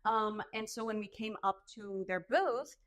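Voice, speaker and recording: A woman's voice: fairly high pitch, unhurried, a bit bright. A woman guest on a podcast telling stories in a casual chat, laughing often and filling her talk with "like.". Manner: chatty, many "like" fillers, laughs often. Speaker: podcast guest, burlesque performer.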